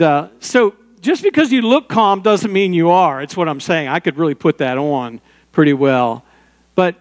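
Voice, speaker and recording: A man's voice: a little high, big-room sound. An older man preaching a sermon as pastor, in a conversational way with personal stories and small asides.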